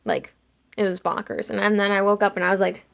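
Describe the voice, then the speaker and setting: A young woman chatting casually while she sketches, retelling a dream in an animated way and acting out her own lines with lots of "like". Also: mid-range voice, a little fast, vocal fry. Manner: chatty, animated quoting of herself with frequent "like". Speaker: art vlogger.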